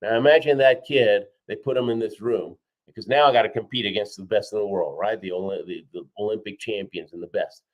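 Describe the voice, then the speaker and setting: A man telling a story as a guest in an interview, energetic and punctuating his points with "right?" and "okay?". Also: on the low side, brisk, hardly any pauses, lo-fi sound. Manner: energetic, frequently acts out quoted voices, punctuates with "right?" and "okay?". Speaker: guest, four-time Olympian and keynote speaker. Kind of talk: animated storytelling in a podcast interview.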